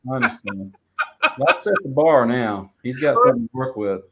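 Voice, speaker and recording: A man, a musician guest from the United States, talking in a relaxed, rambling way with many fillers. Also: medium pitch, moderate pace, slight background noise. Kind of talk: casual interview.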